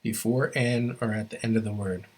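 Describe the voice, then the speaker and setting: Male language teacher, low-pitched and even-toned, halting delivery, walks students through grammar rules. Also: husky. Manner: halting, stops often to restart phrases; explains rules step by step to students. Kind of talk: classroom grammar lesson.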